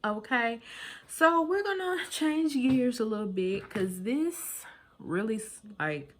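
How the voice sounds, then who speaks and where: A woman's voice: a little high, animated, slow pace, a bit bright, a little hiss or hum. A woman vlogger hosts a celebrity gossip segment and talks right to her viewers. She is sassy and chatty, laughing and exclaiming between remarks. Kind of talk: casual celebrity gossip commentary.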